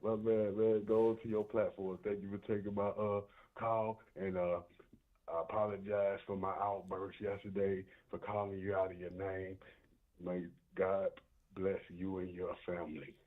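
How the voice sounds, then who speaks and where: A man's voice: sits low, little pitch movement, normal speed. A man calling in to a talk show by phone, speaking passionately and emphatically. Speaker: caller. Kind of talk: phone call-in. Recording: tinny phone line.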